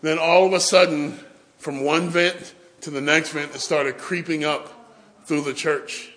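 A man telling lively stories in a tribute to his pastor at a church service, acting out the quotes and laughing along. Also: fairly high pitch, measured pace. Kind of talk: anecdotal storytelling speech.

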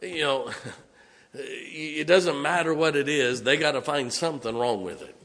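A man's voice: on the high side, moderate pace, fairly bright tone. A middle-aged man preaching a sermon as pastor, folksy and joking, sometimes mocking whiny voices.

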